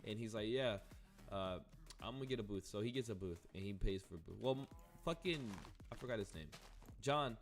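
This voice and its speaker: A man's voice: on the low side, expressive, fairly quick, soft background music. Rambling, profane young man telling a story. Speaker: gaming streamer. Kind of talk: casual storytelling while gaming.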